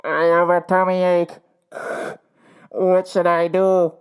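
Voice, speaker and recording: A woman putting on a deep-voiced whiny caller. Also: little pitch movement. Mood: whiny pleading. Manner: slow, pleading, deep and breathy.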